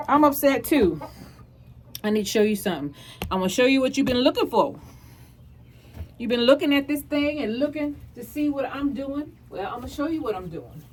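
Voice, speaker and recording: A woman's voice: high-pitched, expressive, a little fast, slight background noise. Playful woman chatting to her chickens. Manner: playful, teasing, talks to her hens like children. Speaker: backyard homesteader. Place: outdoors at a backyard chicken coop.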